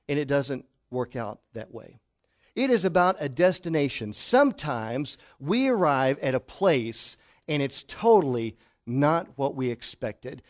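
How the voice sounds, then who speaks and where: A middle-aged pastor preaching a sermon to his congregation, telling stories and dropping to a hush for emphasis. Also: fairly high pitch. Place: church hall before a congregation.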